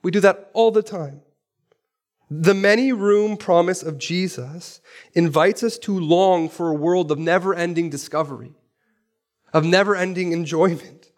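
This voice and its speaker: A high-voiced man preaching to his congregation in a church. He drives his points home with rhetorical questions and repeated phrases, in an animated way. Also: unhurried. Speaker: pastor. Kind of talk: sermon.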